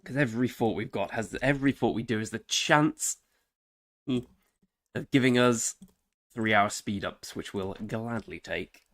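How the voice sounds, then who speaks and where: A man's voice: on the low side, measured pace, fairly bright tone, no echo, clean studio sound. A man giving casual gameplay commentary, chatting to himself and his viewers with frequent exclamations. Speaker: game streamer.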